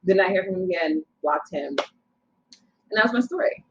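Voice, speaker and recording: Young woman telling a story, animated. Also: lowish voice, creaky, a little hiss or hum. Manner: animated, quotes people in her story, quick asides. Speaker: guest. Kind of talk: casual storytelling. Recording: slightly dull lo-fi sound.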